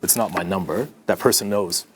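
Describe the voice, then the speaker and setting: A middle-aged man from Canada, a podcast guest, telling a story in an animated way and acting out the dialogue. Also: low voice, brisk, slight background noise. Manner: animated, acts out dialogue in his anecdotes. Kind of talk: conversational storytelling.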